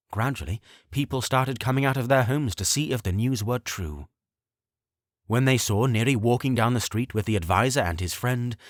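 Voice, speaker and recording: An expressive male audiobook narrator with a medium pitch reads scripted narration. The studio recording is clean, with no room sound.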